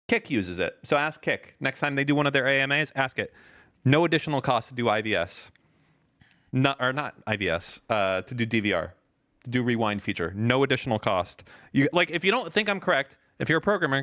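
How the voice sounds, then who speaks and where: A man's voice: medium pitch, bright, forceful tone. A man co-hosting a podcast, arguing his point in casual debate, insistent and emphatic, swearing often. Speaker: podcast co-host.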